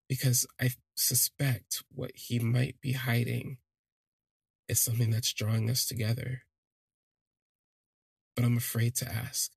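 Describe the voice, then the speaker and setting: A man narrates his own story for a podcast, thoughtful and a little hesitant, circling back on his words as he goes. His voice sits at a middling pitch with a gravelly, husky grain. The sound is close and dry. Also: little pitch movement, unhurried, pauses often, no echo. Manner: reflective, hesitant, frequent restarts. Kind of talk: first-person storytelling podcast.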